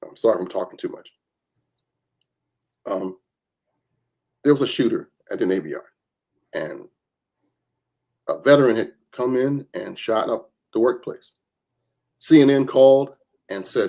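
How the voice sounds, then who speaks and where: Unhurried and on the low side, this man's voice leaves long pauses. As a guest on a podcast, the reverend and gun rights advocate spins lively stories, playing out the voices of the people he's quoting.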